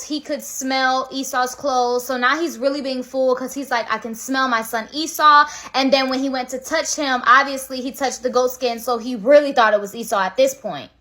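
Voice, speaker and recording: A woman tells Bible stories in a loose, slangy, animated way. Her voice is high and bright, with plenty of sparkle. She chats as if talking to friends. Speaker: host. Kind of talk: casual Bible storytelling.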